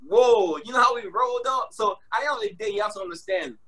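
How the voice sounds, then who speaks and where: A man's voice: sits high, quick pace, sharp tone, slight background noise. A man preaching with passion on a live broadcast, repeating his key phrases and calling out to listeners with "y'all.".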